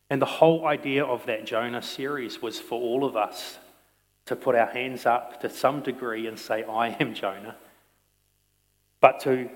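Preaching man in a reverberant hall. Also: medium pitch. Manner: preaching, swinging from loud emphasis to quiet intensity. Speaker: pastor. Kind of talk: sermon. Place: church sanctuary.

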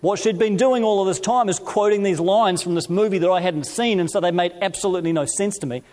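A middle-aged man preaching a sermon as pastor, reading scripture slowly and telling stories from his own life. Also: high-pitched, a little mellow. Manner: storytelling, measured scripture reading.

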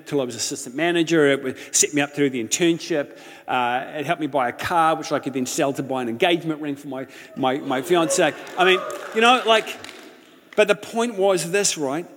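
Pastor, male, fairly high voice, impassioned storyteller; long hall reverb on the voice. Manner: impassioned storytelling, swings from loud to hushed. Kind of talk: sermon.

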